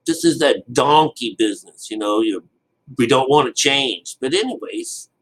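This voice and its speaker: A man's voice: medium pitch, normal speed, fairly bright tone, low-quality recording. A man giving a casual, rambling Bible commentary, full of restarts and loose swearing. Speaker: Bible teacher.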